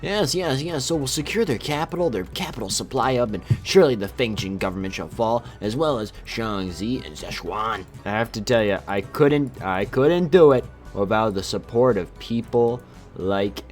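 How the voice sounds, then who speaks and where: A man's voice: mid-range voice, animated, normal speed, faint music behind. A man giving casual, sarcastic let's-play commentary while playing a strategy game. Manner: sarcastic, playful, exclaiming. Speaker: gaming YouTuber.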